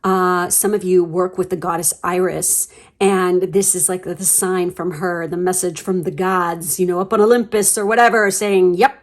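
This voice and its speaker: A woman's voice: fairly low pitch, steady tone, moderate pace. A woman giving a casual pick-a-card tarot reading, chatty and rambling, gushing with lots of fillers and the odd swear word. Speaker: tarot reader.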